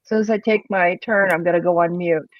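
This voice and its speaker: A woman's voice: on the low side, fairly even intonation, fast, dry recording, muffled recording. A woman co-player on a livestream, speaking bluntly and playfully.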